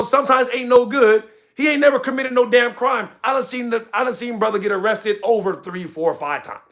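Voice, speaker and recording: A man's voice: extremely high pitch, creaky, bright, forceful tone. A young man hosting a livestream, talking passionately and ranting straight to his chat. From United States. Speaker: livestream host. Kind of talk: heated livestream commentary.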